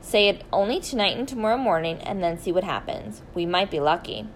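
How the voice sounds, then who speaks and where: A woman voicing a shy, scheming older gentleman who speaks gently and coaxingly. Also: medium pitch, expressive, a little fast, slight background noise, natural voice, low-quality recording.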